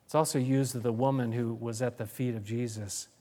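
A man's voice: mid-range voice, steady tone, a little fast, mellow. A man preaching a sermon as pastor, earnest, reading scripture aloud and often restarting his phrases.

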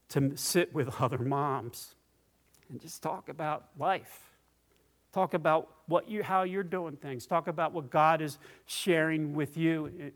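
A man preaching a personal testimony sermon, tearful and halting, restarting his phrases often. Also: mid-range voice.

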